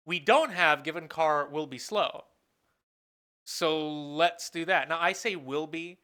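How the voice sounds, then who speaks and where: A professor with a sharp, medium-pitched voice lectures slowly in a recorded class. They think aloud, ask students questions and then answer them, and often correct themselves partway through a sentence.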